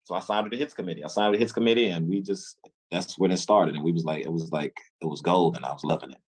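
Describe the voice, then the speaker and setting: A man from Memphis, telling his story as an interview guest, acting out dialogue with halting restarts. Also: deep voice, a little mellow, husky, poor audio. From Memphis, USA. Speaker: interview guest, music executive.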